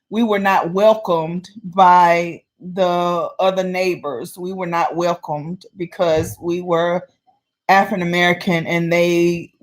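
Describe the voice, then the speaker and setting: Woman vlogger telling a story, chatty and animated, does the voices. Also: fairly low pitch. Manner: animated, acts out the people in her story. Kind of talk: casual storytelling.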